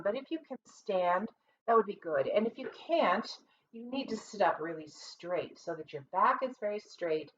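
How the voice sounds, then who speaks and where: A woman's voice: lowish voice, a little hiss or hum. Woman teaching singing over dull, distant audio. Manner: calm, explanatory, practical. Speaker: music teacher and conductor. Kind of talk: online singing lesson. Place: home, seated at a computer. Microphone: computer mic.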